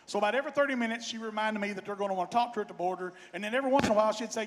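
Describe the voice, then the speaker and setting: A man's voice: sits high, very fast. Folksy bandleader in his fifties. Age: 50s. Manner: folksy, joking, warm-hearted. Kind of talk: stage banter and storytelling. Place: outdoor festival stage. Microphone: stage microphone. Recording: long reverb of a stage sound system.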